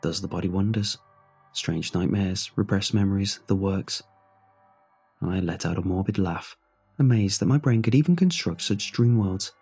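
Somber husky-voiced male horror narrator. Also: low-pitched, warm tone, faint music behind. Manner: somber, measured first-person telling. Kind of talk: scripted horror story narration.

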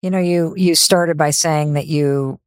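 A woman's voice: low voice, steady tone, a little slow, clear, resonant tone, dry recording, clean studio sound. A woman hosting a podcast interview, speaking in an earnest, effusive way. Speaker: podcast host. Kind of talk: interview chat.

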